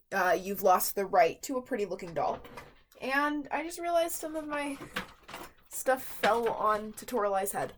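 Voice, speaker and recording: A woman reviewing a doll from her collection in a rambling, chatty vlog with lots of fillers and asides. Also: medium pitch. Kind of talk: casual vlog chat.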